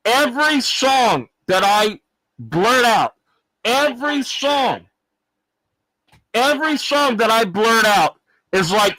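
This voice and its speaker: A brash, dim-witted clown in his fifties with a put-on Arkansas drawl, as a man plays him for a livestream comedy bit. The voice sits high and swoops wildly, and the talk is slow and dragging. His rambling rant is full of shouted insults, and the sound is dry and close. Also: dry recording, heavily acted, poor audio. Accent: put-on Arkansas accent. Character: loud dim-witted male clown from the American South, fifty-six.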